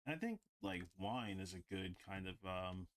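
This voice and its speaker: Low-pitched yet fairly bright and expressive, this man's voice keeps a moderate pace as he draws on a livestream. He rambles casually, saying "like" constantly.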